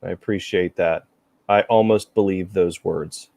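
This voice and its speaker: Man, faint southern accent, low voice, dry close mic, rambling casual host. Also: fairly even intonation, measured pace, a little mellow, no echo. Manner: chatty, rambling, self-deprecating. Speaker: podcast host. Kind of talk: casual chat.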